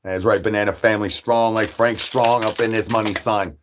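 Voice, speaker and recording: A man's voice: lowish voice, fairly even intonation, moderate pace, a little hiss or hum. A man livestreaming, rambling crude jokes and talking straight to his chat in a repetitive, joking way. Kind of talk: rambling crude stream banter.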